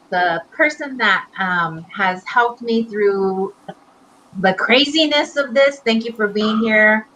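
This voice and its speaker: An enthusiastic woman hosts a virtual community wellness event. She speaks at a slow, unhurried pace. She greets each viewer by name as they check in. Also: a little high, fairly bright tone, slight background noise. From Lakota and Taos Pueblo. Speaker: host. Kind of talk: welcoming a livestream audience.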